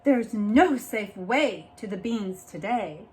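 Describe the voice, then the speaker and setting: A woman's voice: medium pitch, lively intonation, slow, darkish tone. A woman voicing a worried, protective mother hen in a storybook, firm and sighing.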